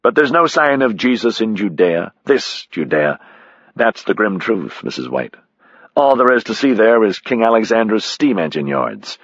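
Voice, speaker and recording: A man's voice: on the low side, sing-song, moderate pace, fairly bright tone, no echo, highs cut off, heavily acted. A man voicing a blunt, sardonic American man.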